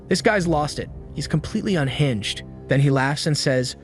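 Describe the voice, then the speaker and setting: A man's voice: fairly high pitch, fairly quick, few pauses. A man narrating a casual story recap, breezily retelling scenes and slipping into the characters' lines. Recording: music bed underneath.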